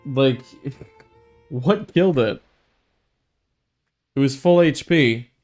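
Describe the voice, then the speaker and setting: A man's voice: medium pitch, animated, drawn-out words, a little mellow, faint music behind. A man giving casual commentary while playing a game, exasperated and swearing to himself. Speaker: gamer streamer.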